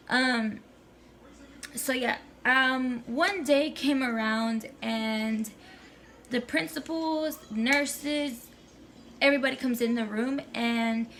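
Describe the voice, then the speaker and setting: A woman's voice: on the high side, vocal fry, fairly bright tone, a little hiss or hum. A young woman telling a casual storytime on her vlog, chatty, slangy and swearing freely. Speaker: vlogger.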